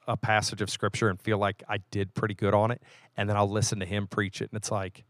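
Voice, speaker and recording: Easygoing pastor chatting, dry sound. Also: male voice, lowish voice, completely flat delivery, fast, dry recording. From West Virginia. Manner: easygoing, stops and restarts, warm enthusiasm. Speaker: pastor, podcast co-host. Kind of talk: casual chat.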